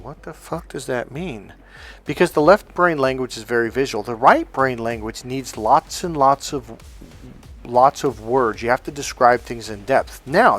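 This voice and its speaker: Blunt, animated man coaching on dating. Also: mid-range voice. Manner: blunt, profane, emphatic, acts out quoted speech. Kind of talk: coaching monologue to men.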